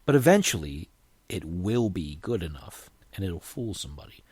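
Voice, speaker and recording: A man's voice: low voice, big pitch swings, normal speed, a little mellow, husky, dry recording. A man hosting his own podcast, talking casually in a rambling way with frequent restarts. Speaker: podcast host. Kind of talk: casual solo podcast talk.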